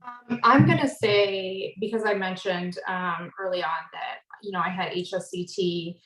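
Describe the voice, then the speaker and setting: A woman's voice: medium pitch, measured pace, a bit bright. Earnest woman guest, echoey room. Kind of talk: casual roundtable chat.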